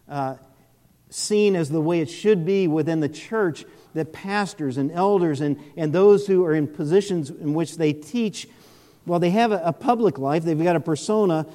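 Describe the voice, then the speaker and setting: A male pastor delivers a sermon in a slow, earnest, measured way, often restarting a phrase before pressing on. His voice sits a little high and has a mellow, dark tone. A long reverb trails behind his words, as if he is speaking in a large hall.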